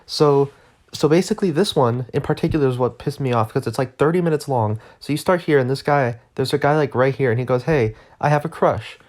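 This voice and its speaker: A woman with a low-pitched voice rants through casual game commentary. Her delivery is exasperated and sarcastic, and she rambles as she talks. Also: quick pace, a little mellow. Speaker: gaming video creator.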